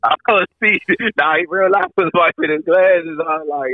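Man telling a lively story, lo-fi sound. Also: a little high, normal speed, hardly any pauses, no room sound. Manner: animated storyteller, voices the people in his story. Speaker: podcast co-host. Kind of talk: casual storytelling chat. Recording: dull, lo-fi sound.

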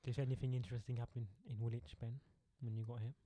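Young man, South London accent, rapid talk, mellow dark voice, dry sound. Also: medium pitch, level tone, no echo. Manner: quick slangy banter. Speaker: podcast co-host. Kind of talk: casual chat.

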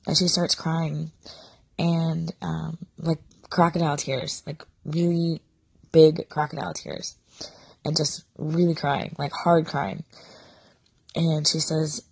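A woman in her thirties, a sick and short-of-breath mother, sadly confiding a personal story in a halting monologue full of fillers. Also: low-pitched, little pitch movement, gravelly, darkish tone, breathy edge, no echo. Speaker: podcaster, mother.

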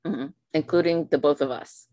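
A woman co-hosting a podcast in casual chat, chiming in with quick teasing replies and easy laughter. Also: low-pitched, dark tone, no room sound. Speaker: podcast co-host.

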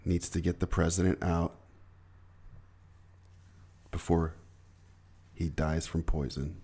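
A man's voice: low voice, fairly even intonation, slow, warm tone, a little hiss or hum. A man co-hosting a casual podcast chat, profane, laughing and easily exasperated. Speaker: podcast co-host.

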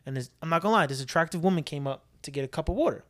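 Fast-talking young man telling a story. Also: fairly high pitch. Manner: storytelling, animated, swears freely. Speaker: podcast co-host. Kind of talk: casual chat.

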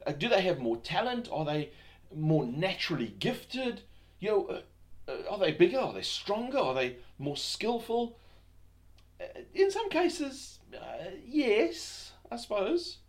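A man with a somewhat higher voice hosts a self-help podcast on his own. He rambles in an unscripted way, full of ums and restarts. He keeps posing rhetorical questions to the listener. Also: very animated, a little slow. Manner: rambling, many fillers and restarts. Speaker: podcast host.

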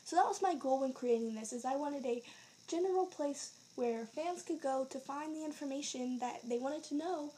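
A woman hosting her own podcast in a bubbly, excited, rambling way, a little out of breath and correcting herself as she goes. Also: high-pitched, normal speed, a little hiss or hum. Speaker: podcast host. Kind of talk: casual solo podcast chat.

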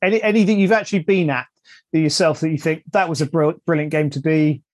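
Halting, fairly high-voiced male podcast host. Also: steady tone, dry recording. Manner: halting, repeats words as he starts sentences. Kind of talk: casual interview chat.

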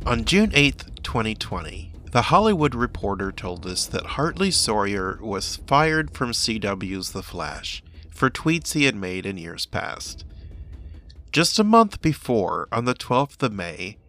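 A man narrating a scripted video essay in a measured, earnest and reflective way. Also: on the low side, big pitch swings, bright, forceful tone. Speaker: commentator. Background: faint background music.

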